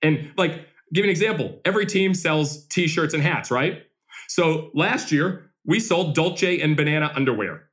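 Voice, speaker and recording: A man who owns a baseball team, answering interview questions as an energetic, animated storyteller. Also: on the high side, measured pace.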